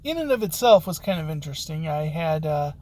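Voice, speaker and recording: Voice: medium pitch, very animated, a little mellow. A locksmith telling a job story in a casual, rambling way, with frequent halts and restarts. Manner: rambling, halting, with many restarts and fillers. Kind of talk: casual spoken anecdote.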